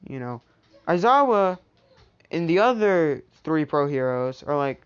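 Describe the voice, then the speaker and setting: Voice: medium pitch, very animated, a little slow, clean tone. A storyteller improvising a fan-made what-if story, rambling with many filler asides. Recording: dull lo-fi recording.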